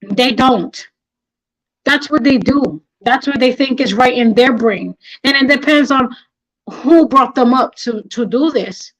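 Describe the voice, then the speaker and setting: A middle-aged woman with a high-pitched voice hosts a livestream at a measured pace, heard on a low-quality recording. Her talk is emotional, angry and impassioned, and she repeats herself for emphasis.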